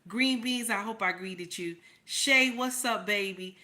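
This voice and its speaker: Bright-voiced emphatic woman host. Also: mid-range voice, measured pace. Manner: emphatic, repeats points, greets chat by name. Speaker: channel host. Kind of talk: casual commentary livestream.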